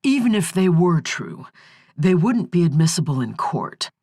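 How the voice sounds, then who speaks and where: A woman narrator voicing a defense lawyer who speaks in a soothing, measured way, in an audiobook. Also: lowish voice, sing-song, mellow, slightly rough, dry recording, studio quality, exaggerated voice. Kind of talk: audiobook character voice.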